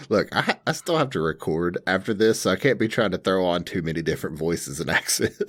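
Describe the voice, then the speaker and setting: A man's voice: sits low, expressive, moderate pace, a bit bright. A young man co-hosting a casual podcast, rambling with lots of fillers and laughing easily. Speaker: podcast co-host. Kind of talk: casual chat.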